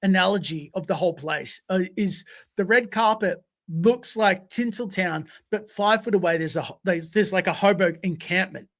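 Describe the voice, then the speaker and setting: A man co-hosting a podcast, telling stories casually in an animated way, swearing freely and acting out voices. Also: high-pitched, moderate pace. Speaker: podcast co-host. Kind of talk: casual storytelling.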